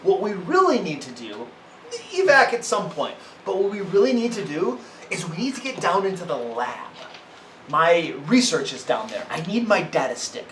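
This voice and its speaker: A man's voice: high-pitched, sing-song, moderate pace, fairly bright tone, echoey room, distant mic, slight background noise, low-quality recording. A man voicing a panicky woman scientist who talks down to others. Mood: haughty. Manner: frantic, alarmed.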